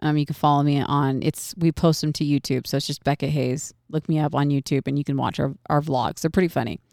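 Animated young woman telling a story. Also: low-pitched, fairly quick, vocal fry, no room sound, studio quality. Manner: animated, profane, laughs often. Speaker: podcast co-host. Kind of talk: casual storytelling chat.

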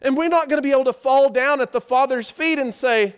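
High voiced preacher guy, chatty storytelling sermon, lots of "right?". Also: normal speed, hardly any pauses. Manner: animated, conversational storytelling with rhetorical questions.

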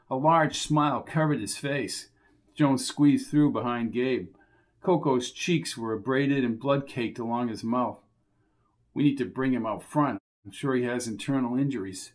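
A man narrating a crime novel as an audiobook, in a steady, measured storytelling manner. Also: medium pitch.

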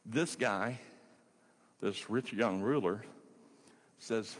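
A man preaching a sermon as a pastor, conversational and animated, with rhetorical questions and casual fillers. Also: mid-range voice, slow pace, pauses often, breathy edge, long reverb tail.

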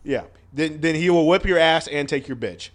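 Higher-voiced man musing wryly on a podcast. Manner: deliberate, self-correcting, wry. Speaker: podcast co-host. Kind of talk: casual joking chat.

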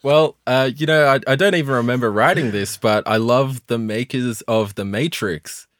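A young man co-hosting a casual podcast chat, halting and deadpan with many restarts. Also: medium pitch, no room sound. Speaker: podcast co-host.

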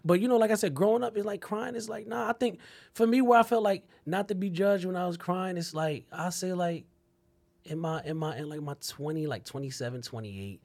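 Animated man hosting a casual chat. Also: high voice, fairly quick, vocal fry. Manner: animated, emphatic, laughing often. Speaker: podcast host.

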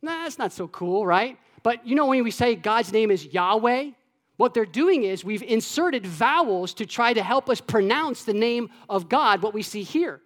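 A man from Florida preaching a sermon to his church, animated, acting out voices and dropping to a hush at times. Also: high voice, moderate pace. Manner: animated, acts out God's voice and his own childhood taunts, with soft hushed stretches. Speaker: pastor. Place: church sanctuary with long reverb. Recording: echoey church hall.

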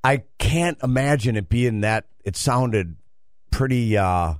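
A man's voice: medium pitch, expressive, slow pace, dry recording, studio quality. A man co-hosting a radio show, rambling defensively in casual banter. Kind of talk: casual chat.

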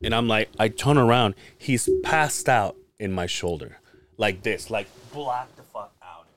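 A man's voice: on the low side, a little slow. A man on a podcast telling a story in casual chat, swearing freely and acting out what people said. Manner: animated, profane, acts out quotes. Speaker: podcast host.

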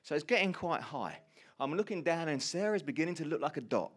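A man telling a funny personal story in a sermon to a congregation, acting out his own lines loudly. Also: a little high, fairly quick, breathy edge. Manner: animated storyteller, shouts quoted lines. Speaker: pastor. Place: church hall before a congregation.

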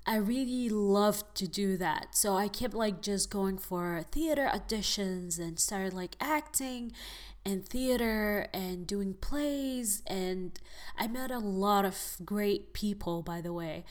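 A woman's voice: medium pitch, slow. A young adult woman from the United Arab Emirates hosting a podcast, talking casually to her listeners and often using fillers like "like" and "you know". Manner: chatty, addresses listeners as guys, frequent fillers. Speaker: podcast host.

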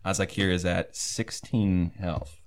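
A man's voice: low-pitched, slow, gravelly. A man playing a tabletop game casually, laughing often and stopping to think with fillers. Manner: laughing often, hesitant fillers while planning. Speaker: tabletop player.

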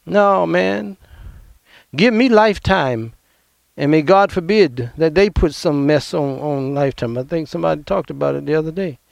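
Fiery gravelly preacher man. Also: on the high side, normal speed, few pauses, darkish tone, no echo, clean studio sound. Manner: emphatic, confrontational preaching with sudden outbursts. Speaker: pastor. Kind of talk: fiery sermon.

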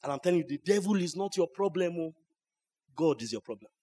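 Pastor preaching, high voice. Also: male voice, lively intonation, quick pace, slightly rough. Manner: preaching with swings from hushed asides to loud shouts. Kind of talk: sermon. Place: church service.

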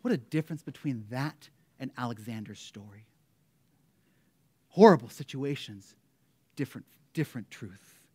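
A male pastor preaching a sermon, swinging between loud, emphatic declarations and a hushed, quiet prayer. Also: mid-range voice, expressive, normal speed, long pauses, husky.

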